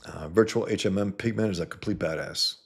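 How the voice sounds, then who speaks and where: A man's voice: lowish voice, fairly quick, vocal fry, husky. A man hosting a casual livestream, talking bluntly and profanely to his chat, rambling with frequent restarts. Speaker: livestream host reading chat. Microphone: computer mic, no headset.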